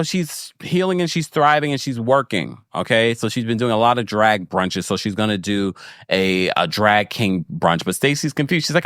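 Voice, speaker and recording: A male podcast host with a fairly low voice recaps reality TV at a moderate pace, recorded in a studio with no room sound. He's casual, frank and playful, like a big brother to listeners, laughing often and adding asides.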